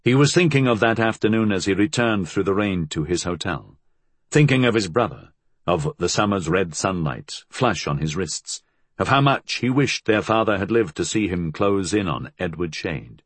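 A man reading a novel aloud as an audiobook narrator, telling the story in a measured, expressive way. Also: deep voice, slightly rough, no echo. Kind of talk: scripted narration.

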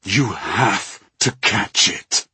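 A man voicing a desperate young man whose voice is rough and raw in an audiobook. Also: on the low side, animated, drawn-out words, bright, forceful tone, dry recording, heavily acted. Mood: urgent. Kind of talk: audiobook character voice.

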